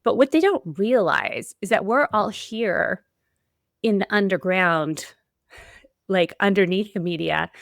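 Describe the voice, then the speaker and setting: A woman's voice: mid-range voice, gravelly, dry recording, studio quality. A woman hosting a solo podcast, talking in an earnest, emphatic way with repeated build-ups. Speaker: podcast host.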